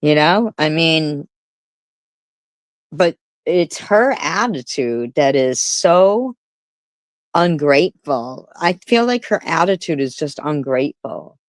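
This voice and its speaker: A woman's voice: low-pitched, animated, takes it slowly, dry recording. A woman giving blunt, sarcastic commentary on a live stream, swearing often.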